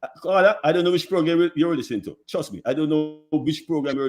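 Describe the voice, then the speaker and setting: A man appears as a guest on a sports talk show and defends his view in a heated exchange. He talks quickly in a slightly raised voice. He repeats his points with emphasis. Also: on the high side, music in the background. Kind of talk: heated call-in debate.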